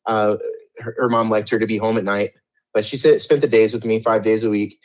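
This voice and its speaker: A man's voice: on the low side, fairly even intonation, brisk, lo-fi sound. A middle-aged man telling his story in an interview, rambling with many restarts and a defensive edge.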